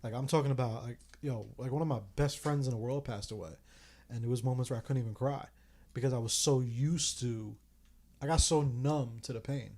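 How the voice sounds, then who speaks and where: A man's voice: mid-range voice, fairly quick, a little mellow. A man in his thirties hosting a casual podcast chat, candid and reflective, swearing casually as he talks. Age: 30s. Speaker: podcast host.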